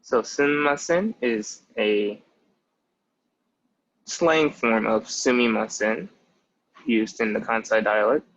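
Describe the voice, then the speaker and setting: Young man with a gravelly fry. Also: on the low side, a little slow, long pauses, fairly bright tone. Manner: explains step by step, leaning on "so" and "basically". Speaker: language tutor. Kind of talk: casual spoken lesson. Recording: muffled lo-fi audio.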